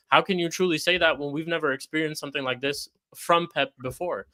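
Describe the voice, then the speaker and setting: Podcast co-host, man, bright edge, repeats himself to drive a point home. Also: a little high, fairly even intonation. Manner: deliberate, repetitive arguing. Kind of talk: casual football debate.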